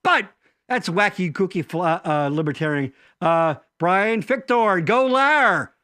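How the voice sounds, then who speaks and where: A man's voice: high voice, lively intonation, slow, bright, forceful tone, dry recording, studio quality. A man hosting a podcast in casual chat who rambles, restarts sentences and jokes with profanity. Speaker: podcast host.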